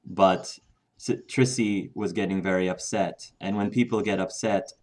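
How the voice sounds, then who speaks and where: A man's voice: mid-range voice, fairly even intonation, moderate pace, pushed and bright. A man voicing a formal alien soldier who calls himself "this one". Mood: apologetic. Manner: formal, speaks of itself as "this one".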